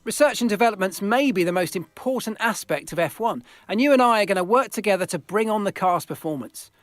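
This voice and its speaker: An eager, chummy race engineer in a game. The voice is pitched high and recorded dry and close. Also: male voice, animated, fast, no echo. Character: upbeat male race engineer. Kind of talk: scripted game voice-over.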